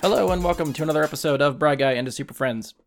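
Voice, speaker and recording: A man's voice: on the high side, racing, vocal fry, soft background music. A man hosting a podcast, chatting in a loose, jokey way with plenty of fillers. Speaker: podcast host. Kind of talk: casual podcast chat. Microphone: remote call.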